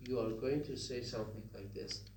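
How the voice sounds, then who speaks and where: A man's voice: medium pitch, steady tone, a little fast, a little mellow. A man giving a phonetics lecture, demonstrating sounds, repeating examples and checking with "okay?". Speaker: university lecturer. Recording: echoey room with faint hum.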